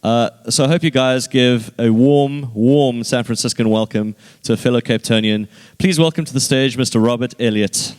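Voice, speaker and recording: A man's voice: mid-range voice, normal speed, few pauses, darkish tone, clear, resonant tone. A man hosting an event, introducing the next speaker with playful jokes. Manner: joking, playful. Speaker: event host. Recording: long hall reverb.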